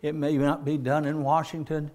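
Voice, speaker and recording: A male preacher with a fairly high-pitched voice delivers an impassioned sermon. He builds to loud, stretched-out peaks and keeps turning to his listeners as "my friend". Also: flat delivery, normal speed.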